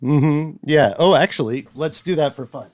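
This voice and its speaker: Lively man chatting on a podcast. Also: on the high side, dry recording. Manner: animated, quick to laugh, reads quotes aloud. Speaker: podcast co-host. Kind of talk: casual chat. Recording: dry close studio sound.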